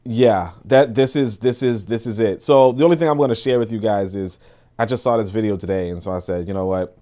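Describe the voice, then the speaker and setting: Reacting to a video on his casual commentary livestream, this host talks to his chat at a brisk clip. He swears, laughs a lot, and veers from loud outbursts to low mutters.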